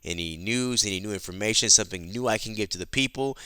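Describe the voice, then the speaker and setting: An earnest young male activist speaks with some hesitation, as a man plays him. His voice is lowish, clear and bright. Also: quick pace, dry recording.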